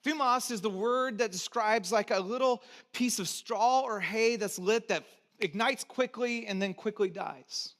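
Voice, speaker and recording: A man preaching a sermon as pastor, talking conversationally to the congregation and swinging between loud emphasis and quiet, low asides. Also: measured pace. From United States (Texas, California). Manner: conversational, invites congregation to repeat words.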